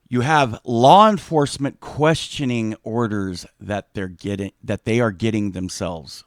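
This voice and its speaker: A man's voice: on the low side, measured pace, few pauses, no room sound, studio quality. A man giving heated commentary on a video, emphatic and agitated, repeating his points.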